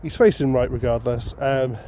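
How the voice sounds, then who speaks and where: A man's voice: medium pitch, normal speed, warm tone, a little hiss or hum. A man chatting upbeat to viewers while he works outdoors in a field. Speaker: metal detecting vlogger. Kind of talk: casual outdoor vlog commentary.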